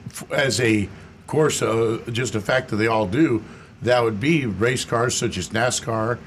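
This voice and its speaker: A man's voice: mid-range voice, a little slow, a little hiss or hum. Radio car expert, easy explaining man. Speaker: auto expert co-host. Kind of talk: radio call-in car talk.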